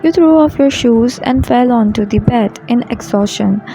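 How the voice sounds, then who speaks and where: A woman narrates a second-person romance story in a soft, intimate way. Her voice is mellow and a little high, with a light vocal fry. Quiet music plays faintly underneath. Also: moderate pace, low-quality recording. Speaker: fan fiction narrator.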